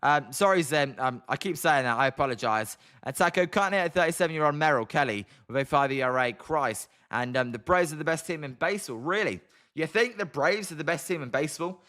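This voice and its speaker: A young man with a British accent, hosting a live stream where he comments on a game and answers chat in a quick, chatty way. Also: a little high, expressive, pushed and bright. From Britain. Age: young adult. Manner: fast-talking, chatty. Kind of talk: live watch-along commentary and chat replies.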